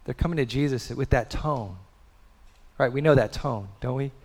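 A man's voice: mid-range voice, moderate pace, in a large hall. A man in his thirties preaching a sermon in a conversational way, full of rhetorical questions. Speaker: pastor.

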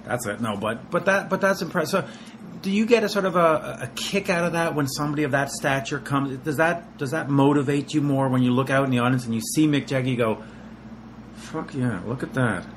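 A man's voice: medium pitch, a little fast, slight background noise. A man hosting a casual music interview, asking questions in an enthusiastic, chatty way. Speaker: interviewer, host.

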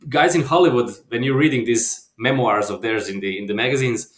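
Man from Croatia, filmmaker guest; hesitant casual chat, mid-pitch voice, reverberant room. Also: fairly quick. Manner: hesitant, restarts often, trails off softly.

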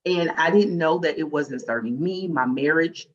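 A woman guest giving a candid, heartfelt faith testimony and acting out her past self in lively quotes. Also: low voice, normal speed, dull audio.

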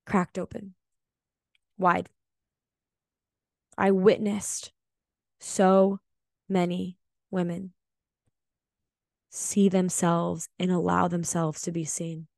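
A woman's voice: fairly low pitch, flat delivery, very slow, gravelly, long pauses, dry recording, clean studio sound. A woman hosting a podcast, recounting her experience in a heartfelt, emphatic way and sometimes swearing for emphasis. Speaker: podcast host. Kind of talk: reflective podcast monologue.

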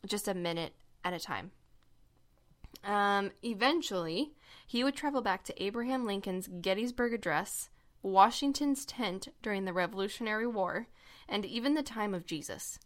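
A woman's voice: medium pitch, lively intonation, normal speed, a bit bright. A young woman hosting a casual podcast chat, explaining a conspiracy story with lots of fillers and laughs. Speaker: podcast co-host.

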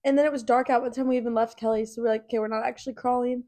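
This podcast co-host, a woman in her twenties, talks very fast in a high-leaning voice that stays steady and mellow. She tells stories in a casual, chatty way, using plenty of filler words.

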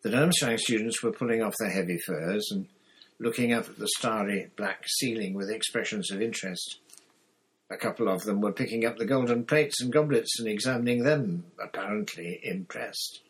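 Brief: male audiobook narrator, low voice, deliberate reading. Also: poor audio. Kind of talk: scripted narration.

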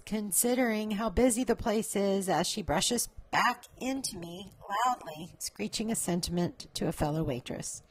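A woman's voice: medium pitch, dry recording, rough recording. A woman hosting a podcast, telling a reflective, confessional personal story. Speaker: podcast host.

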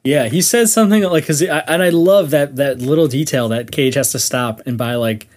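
A man's voice: on the high side, normal speed, a little mellow. A man in casual conversation, talking enthusiastically about a film with many fillers.

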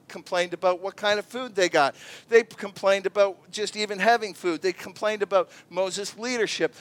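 A man preaching a sermon with a notably high voice. He tells stories with lively energy, dropping softer and then rising as he acts out other people's voices. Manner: animated storytelling, acts out voices. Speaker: pastor.

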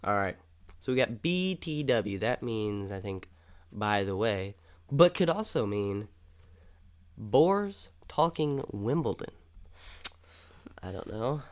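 A man's voice: fairly low pitch, animated, measured pace, few pauses, clean tone. A young man co-hosting a casual podcast, joking around playfully and laughing often. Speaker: podcast co-host. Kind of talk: casual chat.

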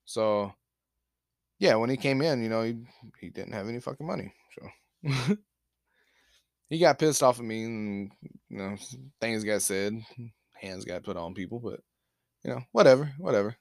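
A man's voice: medium pitch, normal speed, pauses often, dry recording, studio quality. A young man hosting a podcast, telling a profane, laid-back story full of quoted back-and-forth dialogue into a podcast mic. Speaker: podcast host. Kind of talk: casual storytelling. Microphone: podcast microphone.

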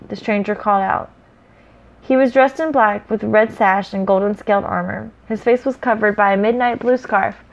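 A woman's voice: mid-range voice, highs cut off. Woman casually reading a story aloud. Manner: relaxed, chatty asides. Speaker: story reader.

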